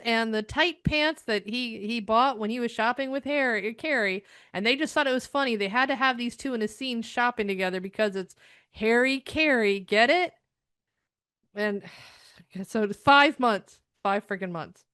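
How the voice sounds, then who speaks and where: A woman's voice: a little high, a bit bright, dry recording, clean studio sound. A middle-aged woman from the United States, ranting sarcastically through a TV episode review, exasperated and rambling.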